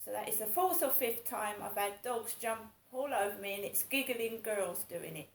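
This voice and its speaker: A woman's voice: mid-range voice, expressive, moderate pace, vocal fry, roomy sound, a little hiss or hum, rough recording. A woman in her fifties talking in a casual monologue, rambling and repeating herself in an aggrieved way. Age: 50s. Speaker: vlogger.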